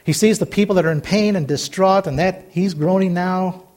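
A high-pitched man delivers a sermon to his congregation. He reads scripture in a folksy, rambling way with homespun asides. He grows fervent as he exhorts the listeners. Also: normal speed, darkish tone. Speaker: pastor.

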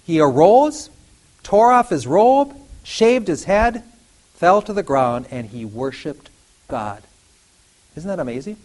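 A man preaching a sermon, animated, acting out biblical dialogue with laughs and sudden outbursts. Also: fairly high pitch, slow pace, low-quality recording. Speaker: pastor.

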